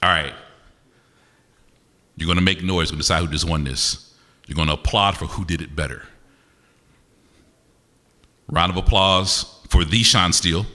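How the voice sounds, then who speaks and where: Deep-voiced man teasing a crowd in a hall. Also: moderate pace, long pauses, bright, forceful tone. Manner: teasing, playful banter. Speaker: performance poet. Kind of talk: live crowd work with an audience. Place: university concert venue. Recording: reverberant hall, live event.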